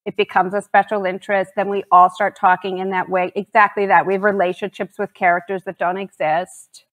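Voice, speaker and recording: A woman's voice: mid-range voice, little pitch movement, a bit bright. A woman guest on a podcast, talking reflectively and agreeing readily. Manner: agreeable, reflective, quick affirmations. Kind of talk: casual interview chat.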